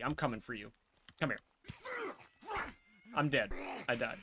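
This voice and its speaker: A man's voice: mid-range voice, a little slow, slight background noise. A man streaming a live playthrough, chatting animatedly with viewers and swearing freely as he reacts to the game. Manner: animated, swears freely, talks to his chat and to characters on screen. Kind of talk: live gameplay commentary.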